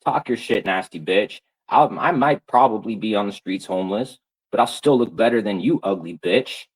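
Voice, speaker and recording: A man's voice: on the low side, normal speed, slightly rough, low-quality recording. A man streamer on a live-stream rant, angry, profane and taunting.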